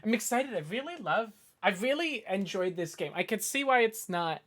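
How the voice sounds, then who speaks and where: A streamer chatting casually while playing a game, rambling and excitable, often cutting off and restarting sentences. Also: medium pitch, moderate pace. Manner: rambling, excitable, self-interrupting. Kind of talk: casual let's-play commentary.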